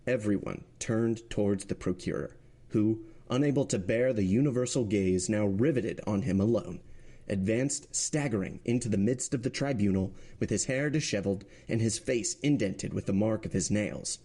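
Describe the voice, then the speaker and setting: A man reading a classic novel aloud with measured, dramatic narration. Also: on the low side, mellow, breathy edge. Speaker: podcast reader.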